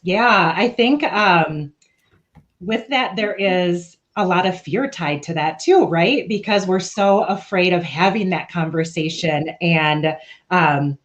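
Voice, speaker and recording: A woman's voice: fairly low pitch, takes it slowly, dull audio. A woman speaking as a panelist, candid and questioning, often checking in with "right?". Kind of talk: reflective panel discussion.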